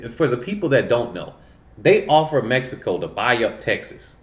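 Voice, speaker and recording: A man talks straight to his viewers in a loose, animated monologue. He wanders from point to point, stops to correct himself, and leans on plenty of "uh"s along the way. His mid-pitched voice carries a noticeable echo from the room around him. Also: moderate pace. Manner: animated, rambling, with many fillers and self-corrections. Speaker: channel host. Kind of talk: casual monologue commentary. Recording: roomy echo.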